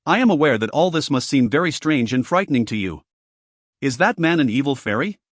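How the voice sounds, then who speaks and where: A man's voice: mid-range voice, fairly quick, dry recording, close to an everyday voice. Male reader as a composed Welsh lady, direct and unflustered, Welsh accent, dry read. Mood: steady. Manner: steady, direct.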